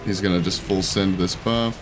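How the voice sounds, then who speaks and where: A man's voice: low voice, steady tone, moderate pace, over music. A man giving casual gameplay commentary, chatty and self-deprecating as he thinks aloud about his moves. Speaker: gaming YouTuber.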